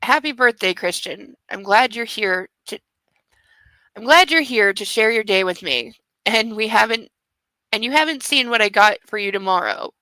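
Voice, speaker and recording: A woman reading as Anastasia Steele, soft and earnest. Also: medium pitch, expressive, moderate pace, dry recording, low-quality recording. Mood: tender. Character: young woman lover, earnest and reproachful.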